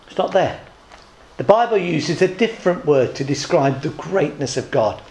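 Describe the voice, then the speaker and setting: A man's voice: on the high side, darkish tone, reverberant. A man preaching a sermon at a church service, telling jokes and speaking in short, paced phrases. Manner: jokey storytelling, pausing in short phrases.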